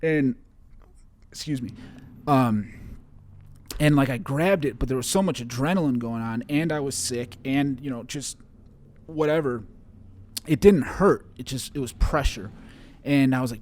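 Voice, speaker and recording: Telling a personal story as a guest on an interview show, this young Chicago man speaks haltingly, with frequent fillers and restarts. His voice is mid-range with a darkish tone.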